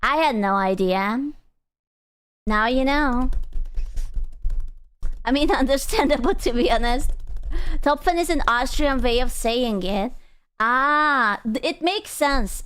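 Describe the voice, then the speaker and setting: Young woman streamer, high clear voice, excitable and sweary. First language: Hungarian. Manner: excitable, swears, squeals and gasps in reactions. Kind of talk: casual chat reading out chat.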